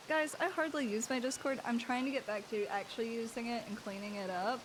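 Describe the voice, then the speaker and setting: A woman livestreaming a role-play game, chatting casually and excitably, swearing freely as she goes. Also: fairly high pitch, brisk, hardly any pauses, noisy background.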